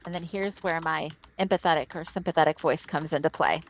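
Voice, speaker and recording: A woman's voice: sits low, fairly even intonation, a little fast, creaky, a little hiss or hum. A woman trainer giving an upbeat, chatty webinar presentation over a computer mic on a video call. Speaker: assistive technology trainer.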